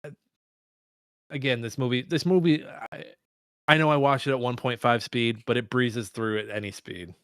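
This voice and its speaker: A man co-hosting a film podcast, talking in a profane, excitable, rambling way. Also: medium pitch, moderate pace, clean tone, dry recording, studio quality. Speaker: podcast co-host. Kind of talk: casual film discussion.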